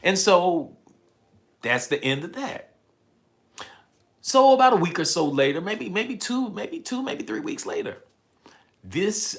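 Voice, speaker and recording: Lively, bright-voiced man hosting a livestream. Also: fairly high pitch, measured pace. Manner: animated, repeats phrases while building a story. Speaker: livestream host. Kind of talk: casual storytelling to live chat.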